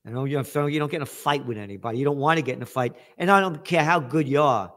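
A man's voice: mid-range voice, fast, fairly bright tone. A man, a guest author talking in a blunt, emphatic, streetwise way. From United States. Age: 70s. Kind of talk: animated interview talk.

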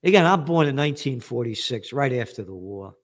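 A man's voice: mid-range voice, lively intonation, brisk. A man, a guest author talking in a blunt, emphatic, streetwise way. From United States. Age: 70s. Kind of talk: animated interview talk.

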